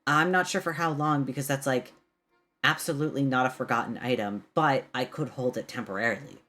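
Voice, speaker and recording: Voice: medium pitch, a little fast, bright, forceful tone, faint music behind, close to an everyday voice. A game master voicing Fate, a secret minor god who talks bluntly and casually and swears. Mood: breezy.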